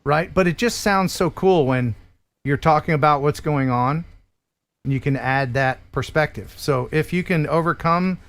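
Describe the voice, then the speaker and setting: A man's voice: fairly high pitch, moderate pace, fairly bright tone. A man from the United States hosting a casual livestream, chatting, joking and reading sponsor spots with enthusiasm. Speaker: livestream host.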